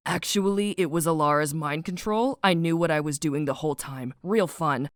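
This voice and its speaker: A woman voicing a guilt-ridden young prince who talks in a quiet deadpan. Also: sits low, moderate pace, no echo, studio quality, voice pushed down, close to an everyday voice. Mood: wry.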